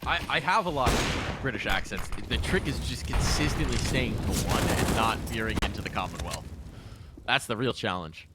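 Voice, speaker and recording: A man doing live play-by-play esports commentary in a rapid, playful, excitable way. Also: on the low side, very noisy. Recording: game gunfire in background. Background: game sound effects and gunfire.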